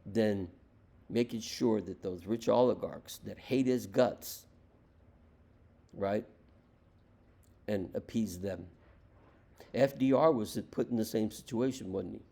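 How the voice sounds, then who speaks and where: A man's voice: mid-range voice, creaky, warm tone, breathy edge. A man from the United States giving an impassioned political monologue, emphatic and repetitive, firing off rhetorical questions. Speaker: political commentator.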